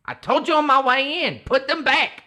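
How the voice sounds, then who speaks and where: A woman playing a grumpy, touchy cook who answers in a gruff, huffy, defensive way. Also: high voice, moderate pace, pushed and bright.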